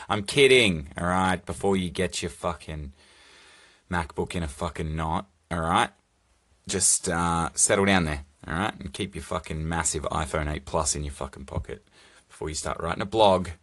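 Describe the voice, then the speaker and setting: A young man records a solo podcast alone on his phone, rambling through casual, profane chat full of jokey asides. His voice is low and a bit bright, at a moderate pace.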